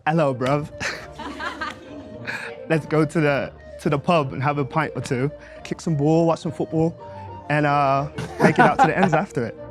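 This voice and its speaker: A man's voice: fairly high pitch, expressive, measured pace, pauses often, over music, pitched above the performer's own voice. Brief: a man hamming up a playful London lad, exaggerated London accent, giggly. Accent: exaggerated London put-on. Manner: laughing, hammy, self-mocking. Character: cheeky young London bloke, playful.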